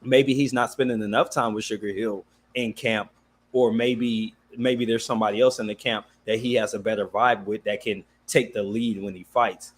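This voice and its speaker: A man's voice: fairly low pitch, normal speed, slight background noise. A man hosting a live-stream boxing talk show, chatting casually and reading out viewer comments. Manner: relaxed, conversational, reads viewer comments aloud. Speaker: podcast host.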